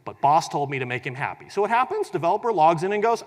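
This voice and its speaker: A man giving a tech conference keynote in a large hall, energetic and humorous, acting out quoted scenarios as he explains. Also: on the high side, fast talker, few pauses. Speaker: conference presenter. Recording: long hall reverb.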